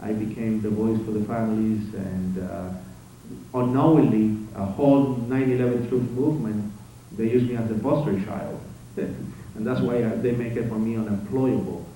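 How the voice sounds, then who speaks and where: A man giving a conference speech as first-person testimony, telling it dramatically with swings between loud outbursts and hushed passages. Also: fairly low pitch, steady tone, moderate pace. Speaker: conference speaker. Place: conference hall. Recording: very echoey hall, distant mic, faint noise.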